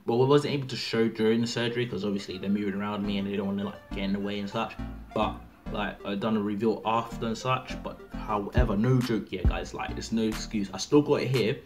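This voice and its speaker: A man's voice: lowish voice, fairly even intonation, a little fast. An eighteen-year-old man chatting casually to camera, rambling and full of fillers. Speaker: vlogger. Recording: music playing loudly behind.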